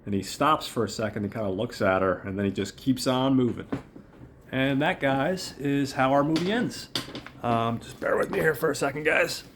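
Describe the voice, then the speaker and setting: A hoarse man with a cold, hosting a podcast and loosely recapping a film plot with profanity and fillers. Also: medium pitch, normal speed, fairly bright tone, slight background noise. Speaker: podcast host.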